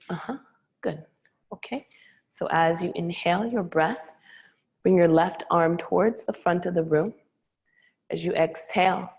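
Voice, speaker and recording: A woman teaching a yoga class, giving slow, calm, soothing cues to her students. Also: lowish voice, gravelly, poor audio. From Hawaii. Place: yoga studio.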